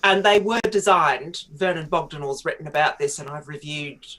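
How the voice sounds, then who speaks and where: Middle-aged woman chatting on the radio as a guest writer, slightly low voice, laughs a lot. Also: normal speed, a bit bright. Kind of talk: radio interview chat.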